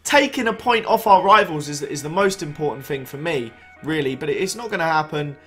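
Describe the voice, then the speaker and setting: With soft music underneath, a young gaming YouTuber gives casual, chatty commentary on the football management game he's playing. His fairly high voice is expressive, fairly quick and fairly bright. He reacts to match events, though he sounds tired and yawns.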